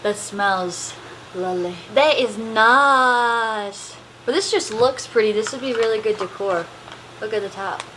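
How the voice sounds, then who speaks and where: A woman's voice: a little high, measured pace, pushed and bright, slight background noise, low-quality recording. A woman vlogger unboxing a package on camera while playfully talking in a put-on accent, filmed on a handheld camera. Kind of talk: casual vlog chat, unboxing.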